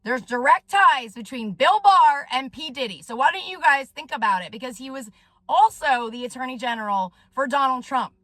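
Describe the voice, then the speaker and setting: A woman talks straight to her viewers in a heated, swearing rant and keeps punctuating her points with "okay?". Her voice sits high and sounds bright and sharp. The sound is dry and close, with no room echo. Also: animated, normal speed. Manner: agitated, profane, tags sentences with "okay?". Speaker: vlogger and soul coach. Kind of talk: direct-to-camera rant.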